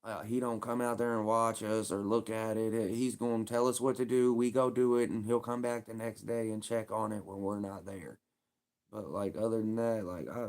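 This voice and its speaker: A man's voice: fairly low pitch, a little mellow. A man telling stories on a livestream in blunt, profane, laid-back street talk. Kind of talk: casual storytelling on a livestream.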